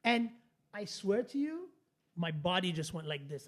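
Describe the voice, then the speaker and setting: A man, hosting a podcast and telling a story in a casual, animated, blunt way, swearing freely and restarting sentences. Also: sits high, unhurried. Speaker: podcast host.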